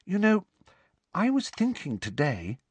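A man voicing an earnest, anxious teenage schoolgirl who speaks in an eager, high voice. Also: wildly swooping pitch, slightly rough, no echo, heavily acted. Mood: tentative. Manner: eager, quick, high-pitched.

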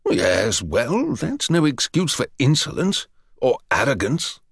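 A man's voice: mid-range voice, sing-song, takes it slowly, creaky, husky, no room sound, clean studio sound, exaggerated voice. A man voicing an older, pompous male headmaster with a haughty, condescending drawl. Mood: flustered.

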